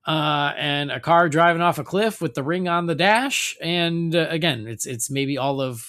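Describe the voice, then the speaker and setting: Male podcast host, higher-pitched, loose chatty delivery full of "uh" and "um". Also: moderate pace, a bit bright, clean tone. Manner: chatty, hedging with many fillers. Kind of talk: casual podcast chat.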